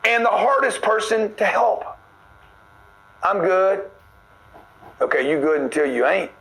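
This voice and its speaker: Guy preaching motivation at you, blunt and pushy, kinda high voice. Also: animated, a little fast, gravelly, a bit bright, poor audio. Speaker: motivational speaker. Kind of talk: motivational talk.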